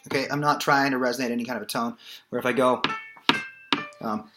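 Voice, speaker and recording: A man giving a casual singing lesson as a voice teacher, explaining in a loose, relaxed way with plenty of fillers. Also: mid-range voice, a little fast, noisy background.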